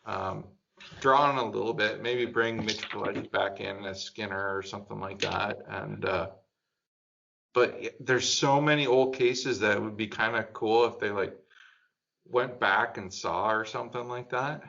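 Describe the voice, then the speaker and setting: A man talking in a relaxed group chat, thinking out loud with plenty of "um" and "like". He gets enthusiastic as he goes. The sound is dull and lo-fi. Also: lowish voice, moderate pace, creaky. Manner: enthusiastic, rambling with fillers. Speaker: podcast panelist.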